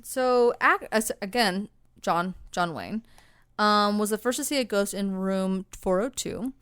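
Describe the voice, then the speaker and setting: A woman's voice: medium pitch, a little slow, a bit bright, clear, resonant tone. Casual woman co-host: rambling, swears freely, breaks off into tangents mid-story. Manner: mock voices and tangents while telling ghost stories. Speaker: podcast co-host. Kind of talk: casual chat.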